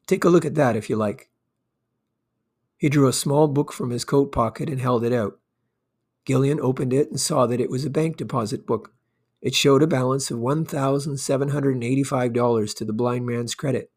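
A man narrating a classic short story as an audiobook, with calm, measured reading. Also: mid-range voice. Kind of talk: scripted narration.

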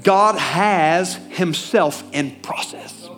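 High-voiced Southern preacher. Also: male voice, drawn-out words, faint music behind. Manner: animated, asks the congregation questions, swings from loud to hushed. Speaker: pastor. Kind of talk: sermon. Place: church.

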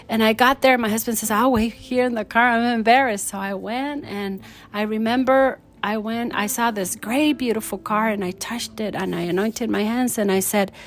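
A middle-aged woman telling a personal faith testimony in a storytelling way, acting out the voices of the people in it. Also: fairly high pitch. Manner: animated, acts out quoted dialogue. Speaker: testimony speaker.

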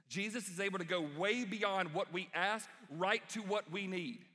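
Pastor type, male, high bright voice, lively preacher who acts out quotes, big hall sound. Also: moderate pace. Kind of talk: sermon. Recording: reverberant hall.

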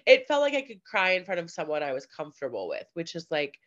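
A woman's voice: fairly low pitch, very animated, quick pace. A woman co-hosting a podcast, talking casually with lots of fillers and quoted asides. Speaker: podcast co-host. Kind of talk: casual chat. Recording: slightly dull lo-fi audio.

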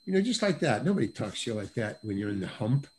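An older man, a guest actor on a video call podcast, telling an animated anecdote with many restarts and acted-out voices. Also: mid-range voice, quick pace. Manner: lively, acts out other people's voices, repeats and restarts words.

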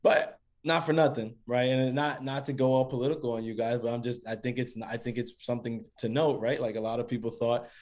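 A man co-hosting a casual sports podcast, talking in a relaxed way and repeating words as he thinks. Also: mid-range voice, a little fast, few pauses. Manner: laid-back, repeats words while thinking, says "man" and "guys". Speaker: podcast co-host.

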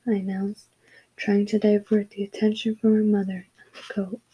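A woman narrating a story in a steady, even reading voice. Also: mid-range voice, normal speed, husky, low-quality recording. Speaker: audiobook narrator. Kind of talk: scripted narration.

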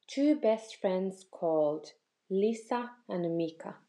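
A woman narrating a children's story slowly and gently. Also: medium pitch, expressive.

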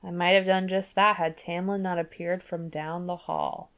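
A woman's voice: on the low side, little pitch movement, normal speed. A woman podcast host reading passages from a novel aloud, then recapping them in a casual, chatty way. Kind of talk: book club reading and recap.

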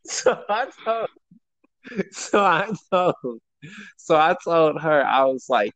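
A young man with a slightly high voice tells a story in casual chat. He jumps in and out of quoted voices, acting out each one. The sound is dry and close. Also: takes it slowly, long pauses, dry recording, rough recording. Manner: animated, acts out quotes with shifting voice.

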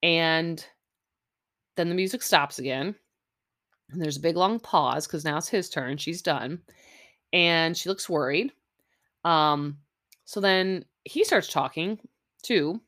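Middle-aged woman podcast host, low-ish voice, casual sarcastic recap style, close mic. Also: slow, long pauses, a bit bright. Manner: chatty, sarcastic, lots of fillers and asides. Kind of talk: casual chat. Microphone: close mic, chewing audible.

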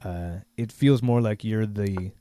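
A man's voice: fairly low pitch, a little slow, dark tone, slight background noise. A man co-hosting a board game podcast, talking loosely and trailing off with lots of fillers. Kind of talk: casual chat.

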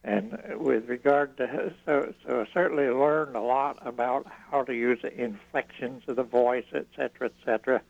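A man's voice: medium pitch, steady tone, normal speed, vocal fry, hardly any pauses, dry recording. An older man calling into a radio show, talking in a rambling, hesitant, slightly fussy way. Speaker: radio caller. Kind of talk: call-in chat. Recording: dull call-in line.

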